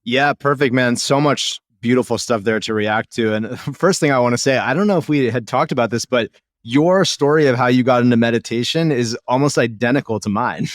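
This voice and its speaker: A man's voice: medium pitch, fairly quick, no echo, clean studio sound. A man in his thirties hosting a podcast, chatting casually and eagerly with his guest. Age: 30s. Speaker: podcast host. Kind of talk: casual conversational interview.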